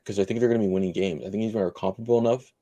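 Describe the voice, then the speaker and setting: A man co-hosting a casual sports podcast, spinning bold predictions in a lively way with lots of "like" fillers. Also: on the low side, very fast, dry recording. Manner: animated, spins bold predictions with frequent "like" fillers. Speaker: podcast co-host.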